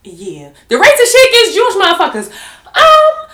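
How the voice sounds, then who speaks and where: A woman's voice: very high voice, wildly swooping pitch, normal speed, bright, forceful tone, reverberant. A woman co-hosting a podcast, talking in a blunt, heated and profane way in casual chat. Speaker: podcast co-host.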